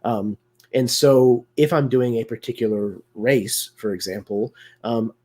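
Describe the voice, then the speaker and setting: A man's voice: mid-range voice, fairly even intonation, measured pace, dark tone, slightly rough. A man hosting a live video discussion, talking casually with many fillers and restarts. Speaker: host.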